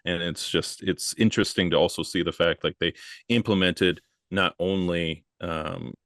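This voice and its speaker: A man with a very low, deep voice speaks earnestly, pausing and filling gaps as he searches for words. The recording is close and dry. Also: fairly even intonation, a bit bright, no room sound. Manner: earnest, halting, lots of fillers. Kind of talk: casual podcast discussion.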